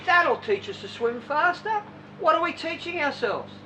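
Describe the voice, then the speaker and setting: Woman swim coach, blunt and high-voiced, throws rhetorical questions at the squad; recorded from afar with traffic noise. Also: lively intonation, normal speed, bright, forceful tone. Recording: distant mic with vehicle noise behind.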